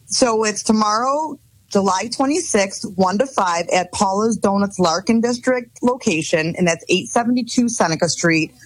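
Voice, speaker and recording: A woman's voice: mid-range voice, lively intonation, moderate pace, husky, dry recording, poor audio. A woman guest on a radio show, promoting a dog rescue event in an upbeat way. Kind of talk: radio interview.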